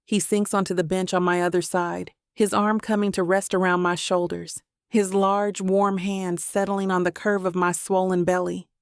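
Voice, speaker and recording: A woman reads a first-person romance audiobook in a warm, emotional way, with a gravelly fry in her voice. The recording is close and completely dry. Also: fairly low pitch, flat delivery, normal speed, hardly any pauses, no echo. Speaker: audiobook narrator.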